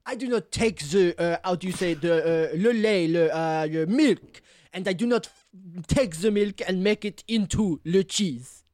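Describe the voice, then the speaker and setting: A man's voice: sits high, measured pace. A player voicing a savvy male French fried-cheese vendor with a put-on French accent and mangled franglais. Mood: indignant. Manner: mangled franglais, haughty, flattering.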